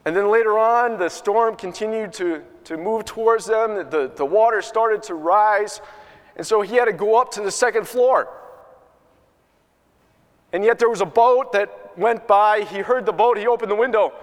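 A man's voice: high-pitched, moderate pace, long reverb tail. A man preaching a sermon, telling a story in an earnest way with many restarts. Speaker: pastor.

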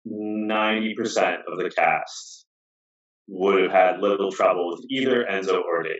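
A man with a low voice talks through the episode in a relaxed, filler-heavy way, chuckling at what he retells. He sounds far from the mic, in a strongly echoing room, with a dull lo-fi tone. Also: a little slow. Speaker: podcast co-host. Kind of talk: casual chat recapping a reality show. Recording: distant roomy dull sound.

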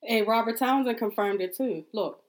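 A woman's voice: on the high side, moderate pace. A woman co-hosting a podcast in casual chat, insistent and easygoing, swearing casually and laughing often. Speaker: podcast co-host.

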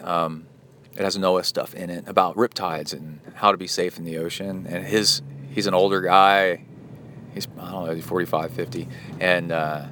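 A man's voice: deep voice, a bit bright. A man from the US hosting a podcast, chatting casually and going off on tangents while he drives. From United States. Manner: rambling, tangent-prone, self-correcting. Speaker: podcast host. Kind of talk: casual solo podcast talk. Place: inside a moving car. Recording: car noise behind the voice. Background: road and car noise.

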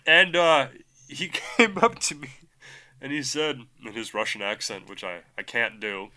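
Wisecracking bright-voiced man. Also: mid-range voice, very animated, a little slow. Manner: wisecracking, laughs a lot. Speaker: podcast co-host. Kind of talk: casual chat.

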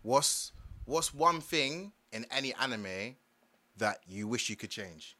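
A young man, co-hosting a casual podcast and telling stories in animated, slangy chat. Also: medium pitch, slow pace. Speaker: podcast co-host.

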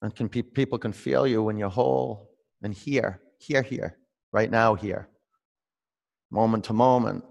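A man leads an online yoga session, blending calm meditative guidance with direct instructions and addressing students by name. His voice is fairly low and creaky, and he speaks a little slowly.

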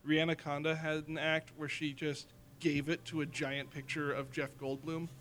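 A man guesting on a podcast as a burlesque host, from Canada, telling stories in animated casual chat. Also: fairly high pitch, normal speed, a little hiss or hum. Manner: animated storyteller, lots of "like".

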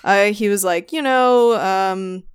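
A woman co-hosting a podcast in casual chat, talking quickly with frequent giggles and rambling asides. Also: medium pitch, clear, resonant tone. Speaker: podcast co-host.

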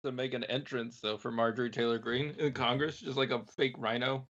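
Podcast dude w/ gravelly voice tossing dry jokes, muffled mic. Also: male voice, medium pitch, flat delivery, brisk, a bit bright. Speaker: podcast co-host. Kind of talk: casual comedic chat.

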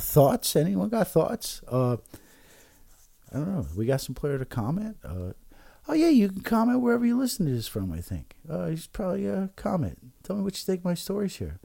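A man's voice: a little high, vocal fry, warm tone, dry recording, studio quality. A man hosting a podcast alone, rambling and swearing with many fillers and restarts while taking shots of liquor. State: drinking shots while talking. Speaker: podcast host. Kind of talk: casual rambling monologue.

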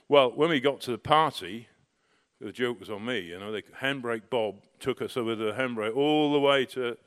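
A middle-aged man telling a personal story in a casual, anecdotal way, animated and full of restarts. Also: medium pitch, moderate pace. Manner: animated, with restarts and bursts of excitement. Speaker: storyteller recounting personal experience.

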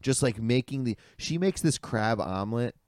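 A man's voice: medium pitch, animated, moderate pace, background noise. A man chatting casually as a podcast co-host, rambling through a story with lots of "dude" and "like" and casual swearing. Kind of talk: casual chat.

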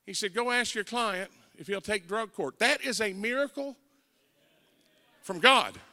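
An older man preaching a folksy testimony sermon as an evangelist, telling stories and rising into shouted preaching. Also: high-pitched, expressive, a little slow. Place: church sanctuary. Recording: long church hall reverb.

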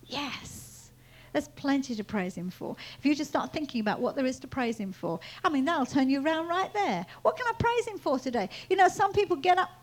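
Fervent, lively high-voiced woman preacher. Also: fairly quick, poor audio. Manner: fervent, repeats phrases, swings from quiet to loud proclaiming. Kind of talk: sermon.

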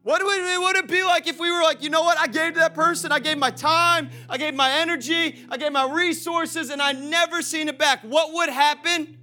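A young man preaching a sermon to his congregation, lively and direct, swinging from loud calls to quiet storytelling and laughing often. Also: extremely high pitch, a little fast, hardly any pauses, faint music behind. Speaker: pastor.

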